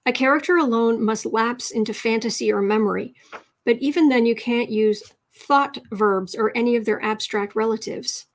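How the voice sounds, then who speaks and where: A woman with a slightly high voice hosts a casual writing livestream from her desk. She teaches in a chatty, unhurried way and thinks out loud as she goes. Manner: chatty, reads chat messages aloud, thinks out loud.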